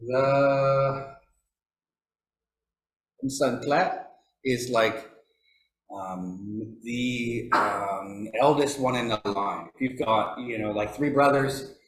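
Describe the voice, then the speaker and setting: A man telling stories at a forestry workshop, pausing often with fillers and lifting his pitch when he quotes elders. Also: fairly bright tone. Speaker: workshop speaker. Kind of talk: storytelling talk. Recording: echoey room.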